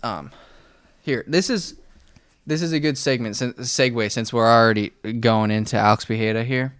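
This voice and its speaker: A young man co-hosting a casual sports podcast, rambling and animated, talking straight at the fighters he discusses. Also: mid-range voice, moderate pace, clean tone, no room sound, clean studio sound. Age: young adult. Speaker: podcast co-host.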